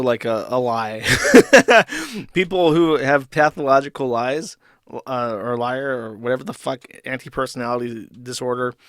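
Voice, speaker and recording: A young man rants to his chat, exasperated and profane, trailing into restarts and sneering laughs. His voice sits a little high for a man, recorded close and dry with no room sound. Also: a bit bright, no room sound. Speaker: streamer host reacting to a clip. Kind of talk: ranting commentary to chat.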